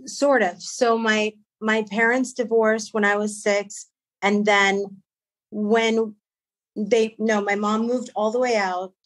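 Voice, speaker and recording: A woman with a Persian accent, a guest on a podcast, speaking in a rambling, halting way. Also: mid-range voice, little pitch movement. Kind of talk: casual podcast interview.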